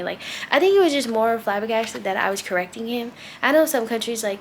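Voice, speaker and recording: A woman's voice: on the high side, lively intonation, brisk, slight background noise. A young woman vlogger telling a casual, exasperated story, acting out quoted dialogue. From United States. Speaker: travel vlogger.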